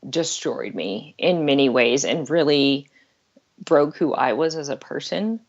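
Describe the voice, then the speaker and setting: A woman's voice: low voice, animated, a little slow, muffled recording. A middle-aged woman talking earnestly and candidly as a guest on an interview podcast, laughing now and then. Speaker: life coach guest.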